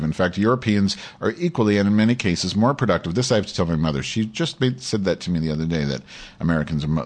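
A male show host reading an article aloud, breaking off for sardonic, profane asides. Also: deep voice. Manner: sardonic, profane asides between read passages.

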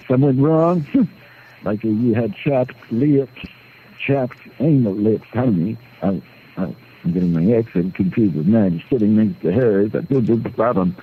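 A man's voice: fairly low pitch, lively intonation, slightly rough, pitched above the performer's own voice. Man playing crude Missus Banningheimer on phone. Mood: rambling. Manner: crude, rambling, slow. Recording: tinny phone-line playback.

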